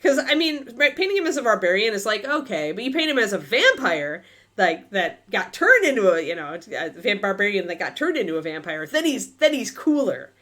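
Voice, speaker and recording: A chatty woman with a lively, swooping voice hosts a miniature-painting stream. She thinks out loud, drifts between topics and fills pauses with ums and uhs. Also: mid-range voice. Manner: chatty, thinks aloud, many fillers, talks to her dog. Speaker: miniature painting livestream host. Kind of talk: casual chat while painting on a livestream.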